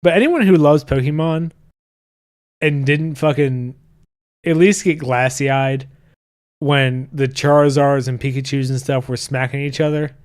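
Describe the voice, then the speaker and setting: This man speaks a little slowly in a mid-range voice, with fairly even intonation and a clean tone. He's a podcast host in his thirties, chatting casually and reading viewer comments in a loose, profane way with frequent restarts.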